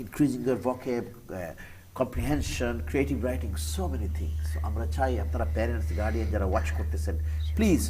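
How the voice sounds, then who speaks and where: Guy hosting a tv panel, talks super fast, kinda far from the mic. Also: lowish voice, mellow, a little hiss or hum. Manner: rapid, mixes Bengali and English, affirming interjections. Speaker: TV education show host. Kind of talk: studio panel talk show hosting.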